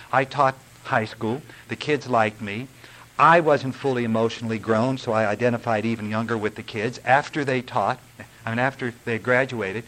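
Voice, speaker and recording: A man's voice: mid-range voice, a bit bright, poor audio. An older man giving an earnest, rambling, confessional recovery talk. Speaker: recovery speaker.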